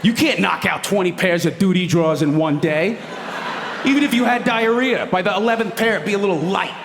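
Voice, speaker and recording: A man's voice: sits high, brisk, creaky, long reverb tail, background noise. A man doing stand-up storytelling on stage in a crude, rambling, profane way. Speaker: stand-up comedian. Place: comedy stage before an audience.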